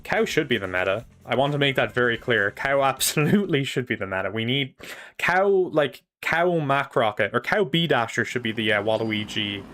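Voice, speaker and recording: Young male streamer, mid-pitched, chatty and casual, desk mic, light game music underneath. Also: expressive, moderate pace, a bit bright. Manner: rambling, chatty, swears casually. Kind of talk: casual live gameplay chat. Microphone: desk microphone.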